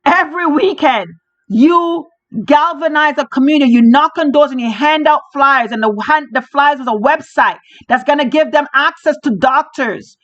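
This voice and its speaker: A woman's voice: high voice, normal speed, fairly bright tone. A woman hosting a podcast, delivering a fiery political monologue from Canada, emphatic and repetitive as she rallies listeners. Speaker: podcast host. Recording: dull lo-fi audio.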